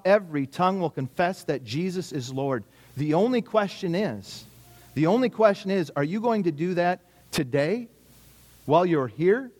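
A man's voice: high voice, a little mellow. A middle-aged man preaching a sermon in a conversational way, asking rhetorical questions and repeating his key phrases. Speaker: pastor.

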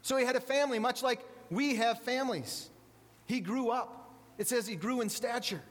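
A man's voice: extremely high pitch, normal speed, long reverb tail. A man preaching a sermon to a congregation that includes children. He speaks conversationally, repeats words and asks the audience questions.

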